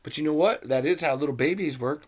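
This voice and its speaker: A man's voice: a little high, fast talker. A man hosting a podcast, giving rambling, joking commentary on a movie with plenty of profanity. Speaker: podcast host.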